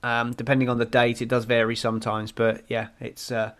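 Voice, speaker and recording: A man's voice: mid-range voice, monotone, fairly quick, fairly bright tone. A man co-hosting a casual motorsport podcast, rambling through results with plenty of ums and restarts. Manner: rambling, runs through standings with many fillers. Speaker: podcast co-host.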